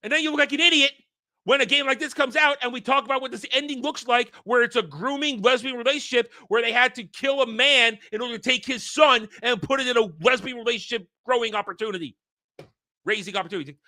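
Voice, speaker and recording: A man delivering an angry, profane rant as the host of a commentary channel, sometimes breaking into shouts. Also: very high voice, quick pace, no echo, studio quality. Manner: heated, profane, shouting at times.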